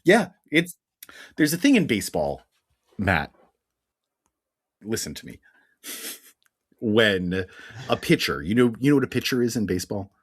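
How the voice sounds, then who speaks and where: A man with a Philadelphia accent and a husky voice talks through a comic recap with a lively, swooping pitch. He is wry and deadpan and likes to stretch out a sports metaphor. The sound is dry and close, as on a home podcast mic. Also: a little slow, pauses often, no echo. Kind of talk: casual chat recap.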